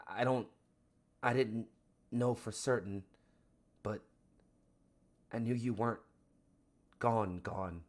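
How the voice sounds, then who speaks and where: Crying teen daughter in a tabletop game, put on by a man, emotional and broken-voiced. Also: lowish voice. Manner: emotional, voice breaking. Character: tearful teenage daughter, shaky but resolved.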